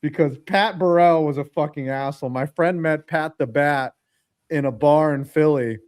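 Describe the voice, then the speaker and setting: A man's voice: fairly high pitch, moderate pace, a little mellow. A man co-hosting a casual sports podcast, rambling and swearing as he gropes for names. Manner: rambling, profane, searching for names. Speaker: podcast co-host.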